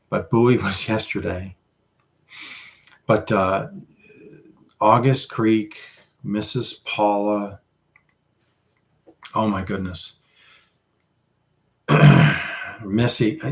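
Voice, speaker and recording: A man's voice: on the low side, slow pace, pauses often. A man hosting a casual livestream, chatting with viewers in a rambling, self-deprecating way. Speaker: livestream host.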